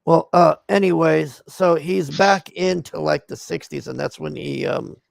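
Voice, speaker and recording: A man's voice: a little high, unhurried, gravelly, dry recording. A man giving a casual, profane movie recap on a livestream, blunt and exasperated. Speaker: streamer reviewing a movie.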